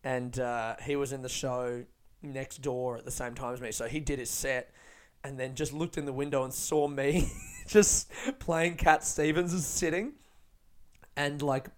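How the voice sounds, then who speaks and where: A man hosting a podcast, telling stories in an animated, sweary way and laughing often. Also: medium pitch. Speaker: podcast host and stand-up comedian. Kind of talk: casual podcast monologue.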